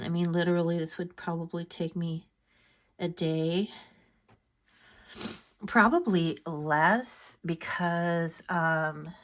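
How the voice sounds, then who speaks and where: An older woman talking casually while she draws at home, rambling and hesitant with many fillers. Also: lowish voice. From USA. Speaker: coloring book artist. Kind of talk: casual talk while drawing. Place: home, at a drawing desk.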